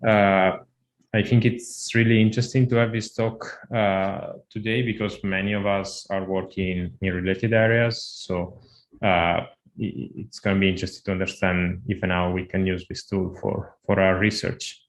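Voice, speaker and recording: A man's voice: low-pitched, little pitch movement, moderate pace. A man introducing a guest speaker on a video call, hesitant, with frequent fillers. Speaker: seminar host.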